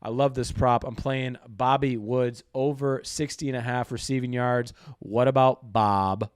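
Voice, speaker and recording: A man co-hosting a casual betting podcast, walking through his reasoning with stat after stat. His voice sits at an everyday pitch, and the recording is close and dry. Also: flat delivery, normal speed, smooth, dry recording. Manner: explanatory, stat-heavy reasoning. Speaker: podcast co-host. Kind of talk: casual sports betting chat.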